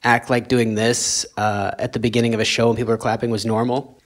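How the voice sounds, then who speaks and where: A man's voice: level tone, a little fast, crowd noise. A man doing a stand-up comedy set on a club stage into a handheld mic, wry and drawling. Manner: wry, drawling delivery that climbs into high shouting rants. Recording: live club recording with loud audience laughter.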